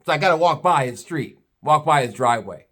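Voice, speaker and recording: Man, ranting neighbor story, profane, scornful, blunt, slightly high voice. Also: lively intonation, a little fast, a bit bright. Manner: acts out other people in put-on voices. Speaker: vlogger.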